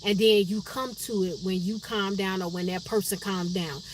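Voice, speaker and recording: A woman's voice: mid-range voice, steady tone, normal speed, background noise. A woman from Chicago with a Chicago accent, chatting casually on her live stream and answering viewers' comments by name. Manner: chatty, reads viewer names and comments aloud.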